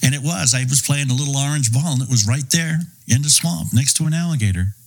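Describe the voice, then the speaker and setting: A man's voice: mid-range voice, fast, rough recording. A middle-aged man who grew up in Boston and New York, a former radio host and podcast guest, telling golf stories in an easygoing, seasoned way. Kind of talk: casual storytelling.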